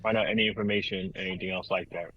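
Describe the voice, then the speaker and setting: A man playing a character in a tabletop game, calmly laying out his plans. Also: deep voice, fast, lo-fi sound, faint music behind. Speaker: player. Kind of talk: tabletop role-play.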